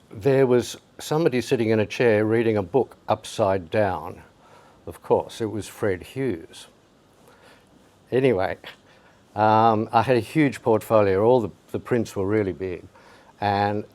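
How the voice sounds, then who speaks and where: A man's voice: lowish voice, a little mellow. An older man, a photographer, recounting anecdotes from his career in an interview, acting out the voices of people he quotes. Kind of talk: storytelling interview.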